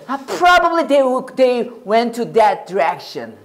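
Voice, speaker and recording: A pastor with a Korean accent preaching a sermon, animated and often checking with the audience. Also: male voice, very high voice, normal speed. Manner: animated, repeats and restarts, asks the audience "right?".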